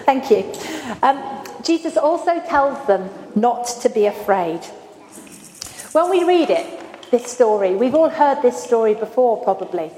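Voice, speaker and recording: Woman preacher, higher voice, chatty sermon, long church reverb. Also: animated, a little slow, dark tone. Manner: conversational, asks the congregation questions. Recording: echoey church hall with faint ambience.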